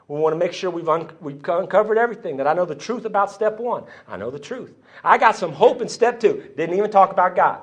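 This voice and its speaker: Brief: male conference speaker, animated storyteller, slightly high, church hall podium. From Texas. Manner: animated storyteller, acts out quoted voices. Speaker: AA speaker sharing his story.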